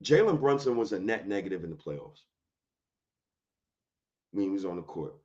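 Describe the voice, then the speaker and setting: A man's voice: low-pitched, sing-song, normal speed, a little mellow, highs cut off. A man hosting a solo sports podcast, talking in a heated, slangy and emphatic rant.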